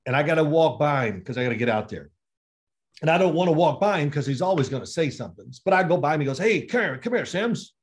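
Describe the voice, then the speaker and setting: Guest spot: man in his 60s, ex-quarterback, lively storyteller who plays out quoted dialogue. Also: medium pitch. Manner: animated storyteller, acts out quoted exchanges. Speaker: former NFL quarterback guest. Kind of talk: casual interview storytelling.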